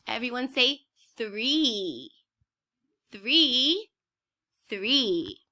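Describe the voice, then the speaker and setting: A woman teacher leading a guided reading for young children, animated and prompting them to respond. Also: fairly high pitch, extremely slow.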